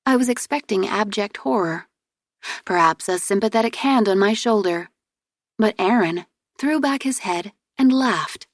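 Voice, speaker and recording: A woman's voice: lowish voice, normal speed, no echo. Woman narrating an audiobook, dry sound. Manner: steady, storytelling delivery. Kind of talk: first-person audiobook narration. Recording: dry close studio recording.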